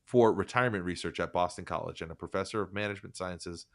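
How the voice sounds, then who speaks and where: Man, very low voice, dry close sound, casual profane podcast chat, sardonic rambling. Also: fast talker, gravelly, few pauses, dry recording.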